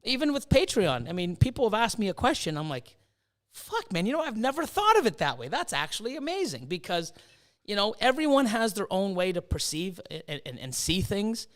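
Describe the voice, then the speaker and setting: A man's voice: high-pitched, very animated, brisk, fairly bright tone. A middle-aged man hosting a casual chat, swearing freely and acting out his own past reactions. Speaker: host.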